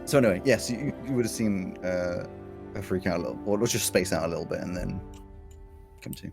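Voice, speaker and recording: A man's voice: sits low, fairly quick, creaky. A man running a tabletop game as game master, rambling and correcting himself as he narrates. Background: background music.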